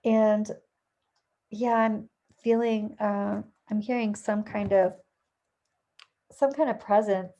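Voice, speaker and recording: A woman's voice: mid-range voice, fairly even intonation, slow, pauses often, warm tone, dull audio. A woman giving a casual, chatty tarot reading at home, thinking aloud and correcting herself as she goes. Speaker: tarot reader. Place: at home with a dog nearby.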